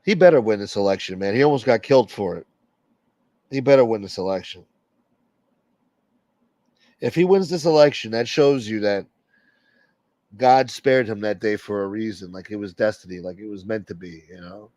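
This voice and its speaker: A man's voice: fairly low pitch, moderate pace, pauses often, mellow, dry recording. A man hosting a late-night livestream and rambling bluntly through strong opinions in casual chat. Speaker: livestream host.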